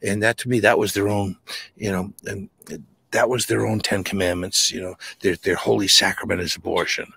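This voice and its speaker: A man's voice: fairly low pitch, fairly even intonation, normal speed, vocal fry, bright, forceful tone, husky, no room sound. A man talking as a guest in a casual, rambling chat, emphatic and full of restarts. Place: home near the Charles River.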